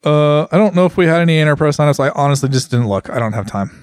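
A man's voice: on the high side, lively intonation, very fast, clear, resonant tone, no room sound, clean studio sound. Laid-back joking podcast man. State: recovering from surgery. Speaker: podcast co-host. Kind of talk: casual chat.

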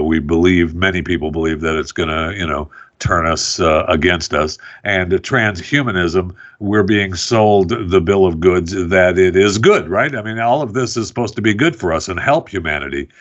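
A man's voice: low-pitched, a bit bright, dull audio. A man hosting a radio talk show, interviewing an author in a loose, rambling way with many fillers and restarts. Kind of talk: casual interview chat.

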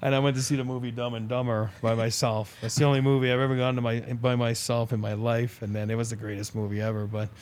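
A man's voice: mid-range voice, fast, hardly any pauses. A middle-aged man, a former pro hockey player, telling long rambling anecdotes in a casual podcast interview, acting out the dialogue. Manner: rambling, animated anecdotes with quoted dialogue and laughs.

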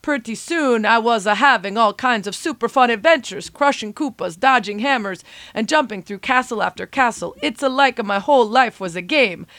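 A woman's voice: on the high side, lively intonation, moderate pace, fairly bright tone, no echo, pitched above the performer's own voice. A woman reading aloud as Mario, a weary forty-year-old plumber, in a put-on comic Italian-style accent with extra "a" sounds. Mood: nostalgic. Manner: bouncy, exclamatory comic read. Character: middle-aged male plumber hero, weary and griping.

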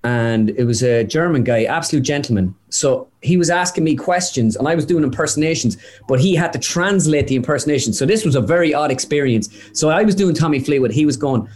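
A young man, a guest impressionist, chatting casually and telling quick anecdotes in an interview. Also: a little high, animated, a little mellow. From Ireland.

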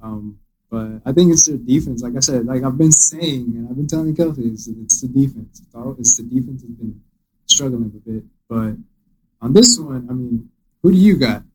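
A man previewing soccer matches on a casual podcast, reading out stats between jokes. His voice is mid-pitched and often drops off softly at the end of a line. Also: normal speed, husky, poor audio. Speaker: podcast co-host.

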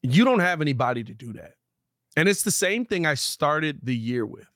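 Man, sports podcast co-host, emphatic, animated, higher pitch, dry close mic. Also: no echo. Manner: animated, emphatic riffing with dramatic pauses. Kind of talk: casual sports talk.

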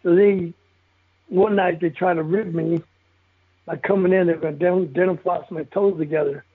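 A man's voice: sits high, fairly even intonation, moderate pace, breathy edge. An older man telling stories in a blunt, profane way, chuckling often as he talks. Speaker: guest telling stories of his football days. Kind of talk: casual storytelling interview. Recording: tinny phone line.

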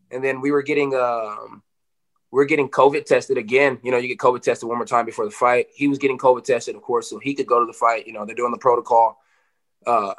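A man talking quickly and brightly, words tumbling out as he recounts a grudge in a relaxed interview. He peppers everything with "you know" and curses freely, lively and blunt. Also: medium pitch. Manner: animated, swearing, lots of "you know". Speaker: fighter. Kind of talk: casual interview storytelling.

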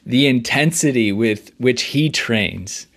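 A man's voice: mid-range voice, animated, takes it slowly, gravelly. A man co-hosting a podcast in casual, enthusiastic chat. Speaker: podcast co-host.

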